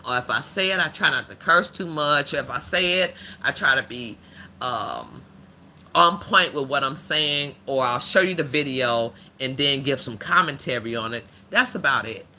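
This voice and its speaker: A man voicing a blunt, rough-edged older woman who hosts a livestream and gives preachy commentary in a drawling, slang-filled way. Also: fairly high pitch, bright, forceful tone, a little hiss or hum, full character voice. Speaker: livestream host.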